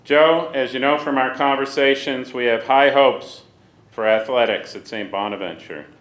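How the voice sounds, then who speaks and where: A man's voice: medium pitch, normal speed, fairly bright tone. A man delivers a formal, scripted welcome from a podium, reading each line carefully. His voice carries the echo of a large conference hall. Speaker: university official introducing the new director. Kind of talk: prepared welcome speech. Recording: echoey hall.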